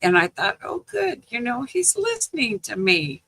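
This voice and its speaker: An older woman chatting casually with viewers on a livestream, telling family stories in a slow, rambling way with lots of "you know" and laughter. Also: on the high side, wildly swooping pitch, sharp tone, husky, low-quality recording. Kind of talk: casual live chat.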